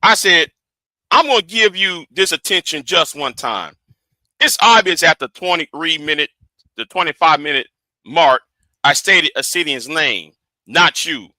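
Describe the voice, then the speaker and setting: A man's voice: a little high, animated, a little slow, bright, forceful tone, dry recording, low-quality recording. A man on a livestream, angrily and profanely calling out a rival he speaks to directly. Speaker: live streamer. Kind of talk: confrontational livestream rant. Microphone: streaming setup.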